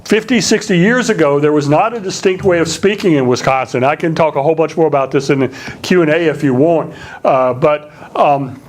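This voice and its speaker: A man's voice: fairly high pitch, brisk. A man with a slight Southern accent giving a public lecture as a linguistics professor. He talks conversationally, with many fillers and restarts.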